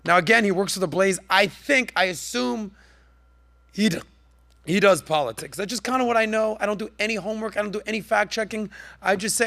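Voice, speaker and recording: A man hosting his podcast with a bright, forceful voice that sits a little high. He talks in a sarcastic, mocking way and leaps up in pitch whenever he lands a jab. He is quick and animated throughout. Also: vocal fry, no echo. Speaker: podcast host. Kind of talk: mocking commentary.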